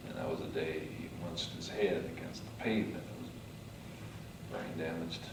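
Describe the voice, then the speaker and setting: A man giving a motivational speech, telling his story dramatically, swinging from hushed to loud. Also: sits low, fairly even intonation, normal speed, vocal fry, distant mic, noisy background. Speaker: motivational speaker. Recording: echoey hall, mic from afar.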